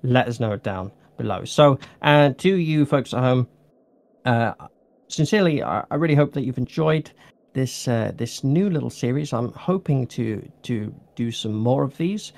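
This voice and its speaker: A man's voice: medium pitch, expressive, normal speed, creaky, a little mellow. A man hosting a casual hobby podcast, rambling and correcting himself as he thanks his guest. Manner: rambling, self-correcting, jokey. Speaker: podcast host. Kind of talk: casual chat.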